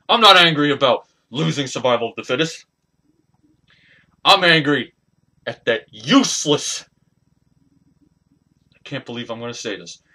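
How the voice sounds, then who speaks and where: A man cutting an angry, ranting wrestling promo as a hobby performer, swinging between loud bursts and quiet mutters. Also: medium pitch, slightly rough.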